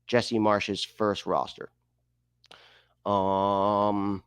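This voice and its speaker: A man's voice: mid-range voice, expressive, moderate pace, no room sound. A man hosting a casual soccer commentary video, chatty, thinking aloud and humming while he searches. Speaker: host.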